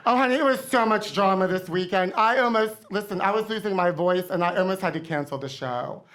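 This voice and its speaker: A woman's voice: mid-range voice, a little fast, lightly acted. A woman playing a brash, vain diva pop star on stage, campy and rambling, calling everyone honey. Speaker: comedy guest in character. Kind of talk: live comedy stand-up in character. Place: theater stage with live audience.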